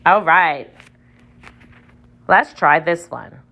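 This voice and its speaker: A woman teacher slowly sounding out word syllables aloud in a phonics lesson. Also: lowish voice, lively intonation, creaky, sharp tone, slight background noise.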